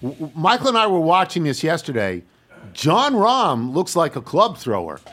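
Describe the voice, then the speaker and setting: A radio host with a fairly high voice for a man. He sounds conversational and keeps the talk moving. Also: huge pitch swings, normal speed, fairly bright tone. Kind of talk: casual radio chat.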